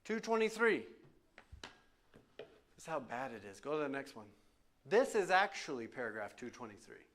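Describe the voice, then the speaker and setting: A man's voice: mid-range voice, big pitch swings, normal speed, pauses often, fairly bright tone. A man preaching as pastor in a church, speaking emphatically in a question and answer session and repeating phrases for stress. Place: church sanctuary.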